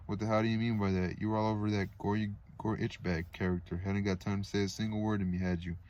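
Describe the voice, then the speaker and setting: Man doing hurt young woman, plaintive, wavering, low flat delivery. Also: fast talker, highs cut off, natural voice. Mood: wounded. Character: emotional, wounded young woman.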